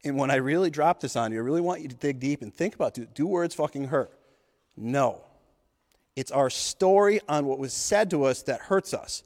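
Speaking at a normal speed with lively intonation, this thirty-something podcast host pours out a fierce, expletive-filled motivational speech. His mid-range voice is slightly mellow, and a long hall reverb hangs over the audio.

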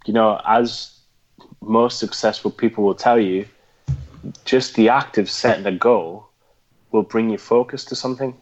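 A man with a Geordie accent, a military veteran guest, talking reflectively with many pauses and restarts. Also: lowish voice, steady tone, highs cut off. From North East England. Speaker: guest, former special forces veteran. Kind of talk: conversational interview.

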